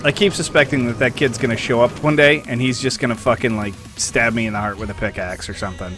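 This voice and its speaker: A young man hosting a livestream, telling a crude story in a deadpan, profane way with chatty asides to his viewers. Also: medium pitch, fast talker, over music. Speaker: livestream host. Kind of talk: crude comedic storytelling while gaming.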